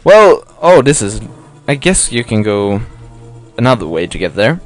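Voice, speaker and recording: A man's voice: mid-range voice, very animated, moderate pace. Rambling man narrating his gameplay. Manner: rambling, self-mocking, apologetic, swears. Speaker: let's play gamer. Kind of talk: casual game commentary. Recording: faint game music behind.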